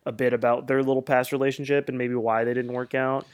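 A man's voice: medium pitch, flat delivery, fast talker, smooth. Man, podcast co-host, casual and crude, lots of fillers. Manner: crude, laughing, filler-heavy. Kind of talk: casual chat.

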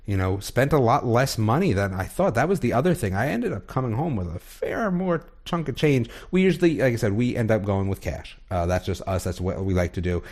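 Animated man telling a funny story. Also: fairly low pitch, brisk, hardly any pauses. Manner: animated storyteller, acts out quoted voices, laughs often. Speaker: podcast guest telling a trip story. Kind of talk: casual podcast chat.

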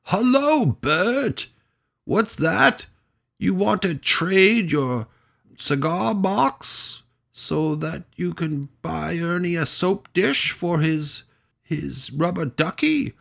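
A man doing a high, sing-song, kindly old shopkeeper. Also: lively intonation, extremely slow, creaky, fairly bright tone, full character voice. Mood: cheery. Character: kindly older male children's TV shopkeeper.

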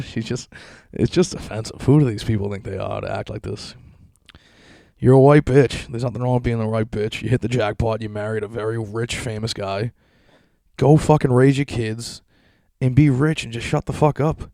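A man's voice: fairly low pitch, steady tone, moderate pace, gravelly, a little mellow, dry recording, studio quality. A young adult man hosting a solo podcast, ranting in a profane, sarcastic, mocking way with frequent laughter. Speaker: podcast host.

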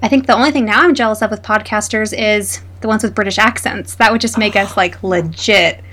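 Bright upbeat woman podcaster. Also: mid-range voice, brisk. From Idaho. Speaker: podcast co-host. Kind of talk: casual podcast chat.

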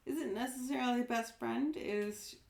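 A tipsy woman co-hosting a casual podcast, talking slowly and swearing. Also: a little high, gravelly, reverberant. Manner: slow, drawling, swearing. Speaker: podcast co-host. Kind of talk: casual drunk podcast chat.

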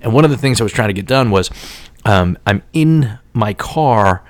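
Animated low-voiced man telling profane stories. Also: normal speed, no room sound. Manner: animated, swears freely, laughs often. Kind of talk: casual profane storytelling.

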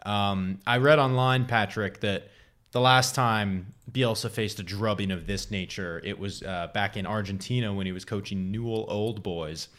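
A man's voice: on the low side, normal speed, fairly bright tone. A young man co-hosting a casual sports podcast, telling stories with jokes and frequent laughter. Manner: joking, storytelling, laughs often. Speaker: podcast co-host.

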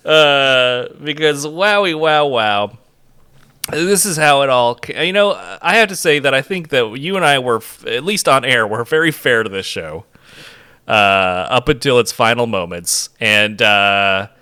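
Guy cohosting a podcast, jokey, laughs a lot, bright lively voice. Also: medium pitch, measured pace, clean tone. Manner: joking, laughs often. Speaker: podcast co-host. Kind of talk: casual chat.

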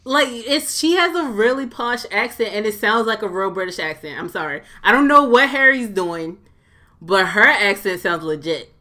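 A woman's voice: mid-range voice, expressive, normal speed, sharp tone. A woman in a casual podcast chat, chatty and frank, laughing often. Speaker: podcast co-host.

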